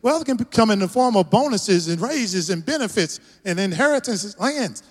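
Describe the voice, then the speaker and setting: A man's voice: high voice, expressive, normal speed. A middle-aged man with a Texas accent, preaching a rousing sermon as a guest pastor and leading the congregation in call-and-response. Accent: Texan. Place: large church hall. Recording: long church hall reverb.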